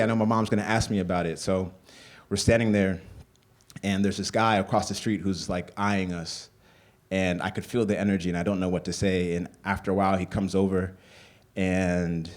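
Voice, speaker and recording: Brief: deep male storyteller, stage anecdote, loose and conversational. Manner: conversational, full of "like" fillers. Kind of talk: live comedic storytelling.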